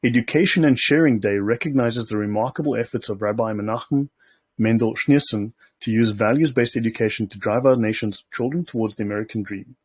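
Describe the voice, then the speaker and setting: A male host talks through documents in a loose, sardonic commentary, constantly checking in with the listener. His voice is husky and a little breathy. The sound is dry and close, with no room around it. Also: medium pitch, fairly quick, a little mellow, no echo. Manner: sardonic, keeps checking in with "okay?". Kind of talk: casual commentary while reading documents aloud.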